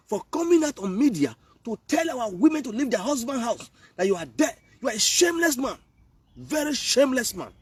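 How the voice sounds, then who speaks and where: A man's voice: high-pitched, darkish tone, breathy edge, no echo, recorded from a distance. A man from Benin, Nigeria, speaking Nigerian Pidgin English, who rants and scolds in a preachy live video commentary. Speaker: online commentator.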